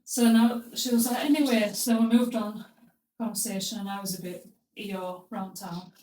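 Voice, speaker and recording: Sitting back from the microphone, a young woman hosting a podcast tells a story with blunt, crude comedy in a casual chat, and the room echo is noticeable. She speaks at normal speed in a darkish, medium-pitched voice with fairly even intonation, over a little hiss or hum.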